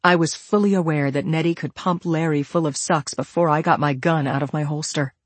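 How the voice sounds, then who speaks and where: A woman narrating a thriller audiobook in the first person. Her reading is steady and measured, her voice husky and a little low. The recording is dry and close. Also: dry recording.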